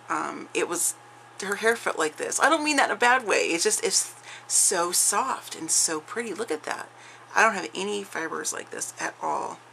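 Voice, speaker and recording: A woman with a fairly low, gravelly and bright voice talks through a craft unboxing at home. She gushes and restarts her sentences, and her words come out a little slurred from facial numbness. A faint hiss sits behind her. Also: poor audio. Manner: chatty, gushing, with frequent restarts. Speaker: craft vlogger. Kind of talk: casual unboxing chat.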